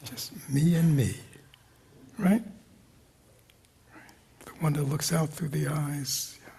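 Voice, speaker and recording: A man leads a dharma talk in a gravelly, rough-edged voice with a dark, mellow tone. He questions his audience constantly and slips into soft whispers. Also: fairly high pitch, slow pace. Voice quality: gravelly, husky. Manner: questioning, engaging the audience with repeated "right?" and "you know"; drops into soft whispers at times. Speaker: meditation teacher. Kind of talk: dharma talk to a retreat group. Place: meditation hall with a live group.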